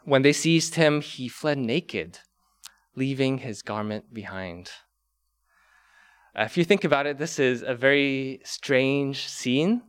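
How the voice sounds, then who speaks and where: Slow, emphatic male preacher. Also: medium pitch. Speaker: pastor. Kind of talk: sermon.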